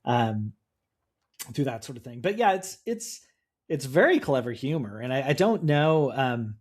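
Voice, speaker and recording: A man's voice: medium pitch, expressive, a little slow, husky. A man co-hosting a casual chat about comics, thoughtful and hesitant. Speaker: podcast co-host.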